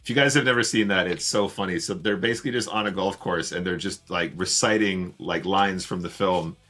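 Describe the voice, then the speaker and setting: Chatty man streaming poker, low voice. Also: fairly quick, pushed and bright, soft background music. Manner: chatty, greets viewers while playing. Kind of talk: casual live-stream commentary.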